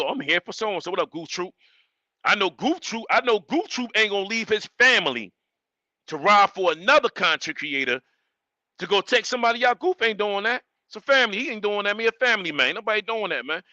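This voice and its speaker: A man's voice: high-pitched, no echo, muffled recording. A man hosting a live stream, ranting emphatically and repeating his points. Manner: animated, emphatic, repeats himself. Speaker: livestream host.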